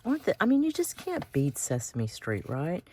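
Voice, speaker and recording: A woman's voice: on the low side, huge pitch swings, normal speed, a little mellow, slight background noise. A woman hosting a craft video, chatting casually and thinking aloud as she cuts out pictures.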